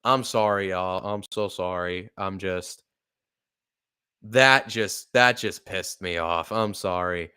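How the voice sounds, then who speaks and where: A man giving live fan play-by-play commentary as a podcast host, swearing and apologizing between excited play calls. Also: low-pitched, slow, clean tone. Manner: swearing, apologetic and upset, bursts of excitement on plays.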